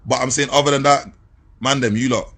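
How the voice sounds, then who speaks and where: A husky man talks straight to his listeners in an even, mid-pitched voice. He sounds measured and calm, appealing to them to keep their composure. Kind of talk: direct appeal video.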